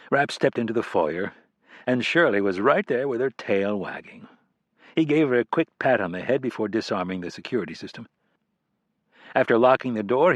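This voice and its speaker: A man reading a thriller audiobook as scripted narration, in a measured, deliberate manner. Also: mid-range voice, dry recording.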